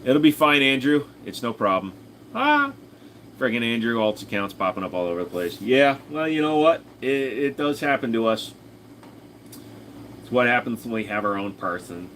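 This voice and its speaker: A man's voice: mid-range voice, sing-song, normal speed, fairly bright tone, slight background noise. A man streaming live, chatting casually and rambling as he answers viewers, swearing freely. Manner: rambling, profane, answers chat. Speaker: streamer reading chat.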